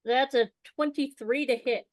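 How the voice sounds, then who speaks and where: A woman with a somewhat high voice plays a tabletop game. She calls out rolls and attacks briskly and matter-of-factly. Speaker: player.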